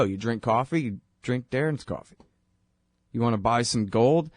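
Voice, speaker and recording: A man hosting his own radio show, talking in a rambling, wry, conversational way full of quick asides. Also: medium pitch, animated, no echo, clean studio sound. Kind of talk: casual monologue.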